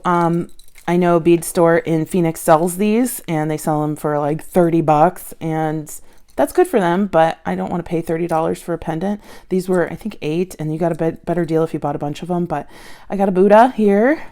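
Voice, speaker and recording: A woman chatting casually about her bead haul at home, gushing and excited over each find. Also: on the low side, normal speed. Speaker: bead jewelry vlogger. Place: at home with her dog nearby.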